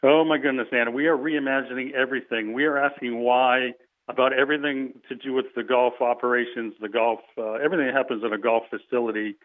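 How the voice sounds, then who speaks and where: A man's voice: medium pitch, fairly even intonation, quick pace. A man with a Boston accent, calling in as a guest and chatting in an upbeat, emphatic way about his business. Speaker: golf business founder, guest. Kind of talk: casual phone-in chat. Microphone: phone. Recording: tinny phone line.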